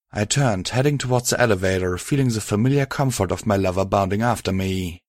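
A man narrating a story aloud in a steady, even storytelling manner. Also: on the low side, brisk, hardly any pauses, dry recording, studio quality. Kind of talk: audiobook reading of fan fiction.

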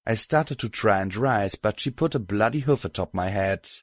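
Low-voiced man narrating a story. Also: expressive, moderate pace, no echo. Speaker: audiobook narrator. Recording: dry close mic, faint music.

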